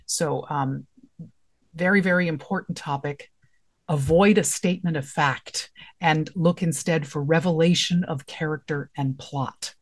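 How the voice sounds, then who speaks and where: A writing teacher delivers a casual spoken lesson. The talk is conversational and unscripted, moving from one example line to the next and posing questions along the way. The voice sits at a middle pitch. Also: measured pace. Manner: conversational, explains through example lines and questions.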